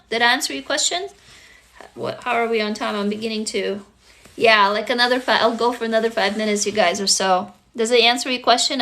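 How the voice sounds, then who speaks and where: A woman's voice: a little high, sharp tone. A woman hosting a casual livestream, talking to viewers bluntly and swearing freely. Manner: blunt and profane, emphatic. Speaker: livestream host answering viewers.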